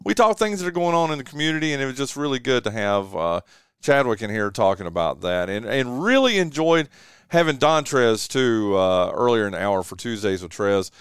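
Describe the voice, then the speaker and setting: A man hosting a local radio talk show, signing off in a relaxed, drawn-out way with plenty of "uh" and "man". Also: mid-range voice, smooth, dry recording, clean studio sound. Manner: easygoing, drawn-out with many "uh"s and "man"s. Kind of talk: casual radio sign-off and chat. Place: radio studio. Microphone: studio microphone.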